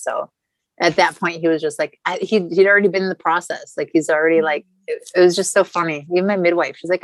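Woman, thirties, low voice, dry close sound, chatty storytelling, swears casually. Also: steady tone, quick pace, no room sound, low-quality recording. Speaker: podcast guest.

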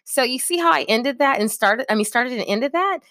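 A woman's voice: sits high, lively intonation, fairly quick, fairly bright tone, no room sound, clean studio sound. A woman giving casual, direct advice in a coaching manner, often checking in with her listeners. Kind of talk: casual advice talk to camera.

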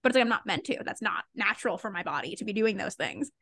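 A woman's voice: mid-range voice, animated, fast talker, gravelly, a bit bright, no room sound, studio quality. A young woman guesting on a podcast, talking candidly and loosely with lots of filler words and frequent laughs. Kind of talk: casual conversation.

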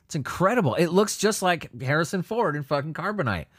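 A man's voice: fairly high pitch, a little fast, slightly rough, dry recording, clean studio sound. A man hosting a solo show, reading news stories and ranting about them with constant swearing and stumbling restarts. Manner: profane, animated ranting with frequent restarts. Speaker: podcast host reading news. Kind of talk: solo commentary on news articles.

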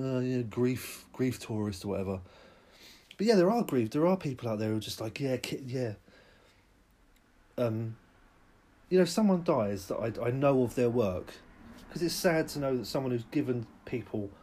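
Man, podcast host, comic rant, swearing, rambling, sudden shouting. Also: medium pitch, animated, a little fast. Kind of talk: comic ranting monologue.

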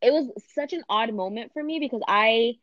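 A young woman co-hosting a casual chat, talking in a chatty, animated way and swearing casually. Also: on the high side, normal speed, dry recording, muffled recording.

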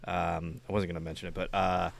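A man's voice: deep voice, level tone, a little fast, creaky. A man in casual chat, teasing and wry, then laid-back while telling his own story.

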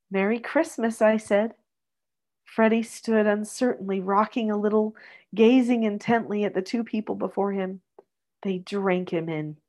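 A middle-aged woman hosting a podcast, reading a story aloud in a gentle, soft-spoken way and chatting afterward. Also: medium pitch.

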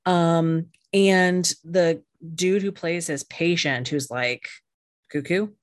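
Low-voiced chatty woman podcaster. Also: slow pace, dry recording, clean studio sound. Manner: chatty, swears casually, lots of fillers. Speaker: podcast co-host. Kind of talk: casual chat. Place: home, recorded over video call. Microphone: video call.

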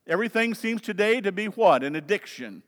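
High-voiced Southern preacher in a reverberant hall. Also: male voice, animated, brisk. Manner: emphatic preaching, swings between loud urging and low asides. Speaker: pastor. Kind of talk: sermon.

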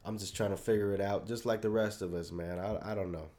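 A man's voice: lowish voice, fairly even intonation, fast talker, dark tone. A young man hosting a solo podcast, rambling off the cuff in a loose, profane, self-deprecating way with lots of fillers. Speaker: podcast host.

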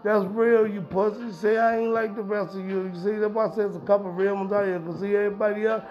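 A man with a high voice delivers a rambling, profane podcast monologue and hammers every point with emphasis. The recording is dull and lo-fi, with music clearly playing underneath. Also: fairly even intonation, fast, a little mellow. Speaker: podcast host. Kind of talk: casual monologue. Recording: dull lo-fi sound with music behind.

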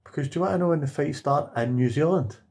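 A man's voice: fairly high pitch, fast, darkish tone. Scottish male co-host, blunt and sweary, complaining in casual podcast chat. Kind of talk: casual chat about combat sports.

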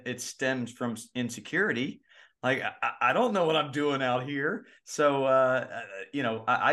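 A man's voice: mid-range voice, fairly bright tone. Joking, candid man on a podcast. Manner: jokey and candid, many restarts and fillers. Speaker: baseball coach and podcast co-host. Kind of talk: casual podcast chat.

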